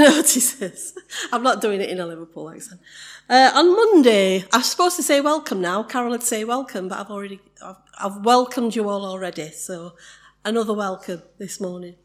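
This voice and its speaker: A middle-aged woman, leading a congregation in spoken prayer and then reading the church notices in a chatty, joking way. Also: medium pitch. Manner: chatty and warm, laughs easily, jokes with the congregation; slow and solemn in prayer.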